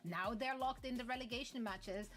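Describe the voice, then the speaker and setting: A woman's voice: a little high, moderate pace, a bit bright. A woman casting an esports match, analyzing teams in a chatty, joking way. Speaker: esports caster. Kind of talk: play-by-play esports commentary.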